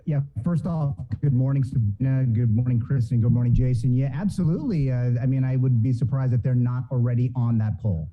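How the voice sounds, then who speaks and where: A man's voice: mid-range voice, fairly quick, hardly any pauses. A man calling in to a radio show as a podcaster guest, friendly and a little hesitant. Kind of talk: casual radio chat. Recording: tinny phone line.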